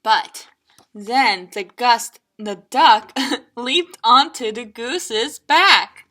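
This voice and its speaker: Librarian lady doing story time, slow, bright, super bouncy. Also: fairly high pitch. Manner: animated, playful, laughing asides. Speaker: children's librarian. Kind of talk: picture book read-aloud for children.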